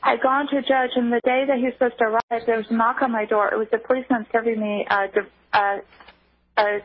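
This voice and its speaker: A woman guest on a radio call-in show, giving emotional personal testimony with halting restarts, heard over a phone line. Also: fairly high pitch, steady tone, dry recording.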